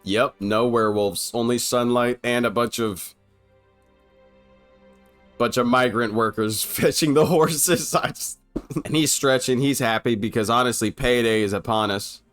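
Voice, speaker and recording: A man's voice: mid-range voice, steady tone, a little slow, fairly bright tone, clean tone, soft background music. A young man riffing comedically over an old film, loose and irreverent. He swears freely and laughs at his own jokes in a casual, unscripted way. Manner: irreverent, profane, laughing often. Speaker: film commentator.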